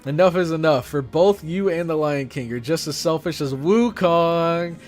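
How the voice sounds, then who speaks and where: Dude reading as a hot-headed young lady monk from a game, loud and scolding, voice pushed up a bit, music faint behind. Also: on the high side, normal speed, close to an everyday voice. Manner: indignant, scolding, emphatic. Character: fiery, outspoken young woman monk. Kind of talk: reading game dialogue aloud.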